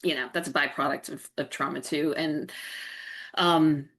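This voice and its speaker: A middle-aged woman from North Carolina speaks in a slightly low voice. She tells her own story as an interview guest, earnest and reflective. She often restarts her sentences as she searches for words. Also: fairly even intonation, normal speed, a bit bright, breathy edge. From North Carolina, USA. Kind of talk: candid personal storytelling.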